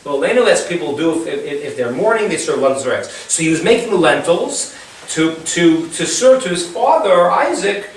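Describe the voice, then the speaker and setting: A man teaching an informal Bible class, retelling the story in a chatty way and asking rhetorical questions. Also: on the high side. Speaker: Torah teacher. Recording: very echoey room, far from the mic, faint hiss.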